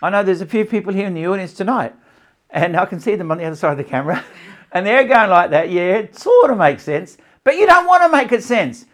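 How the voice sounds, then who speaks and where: A man coaches stress relief and sleep in a live talk before a small audience and a camera. His fairly bright voice sits a little high for a man, swinging widely in pitch, and he's animated and brisk. He repeats his points and keeps asking if listeners are following.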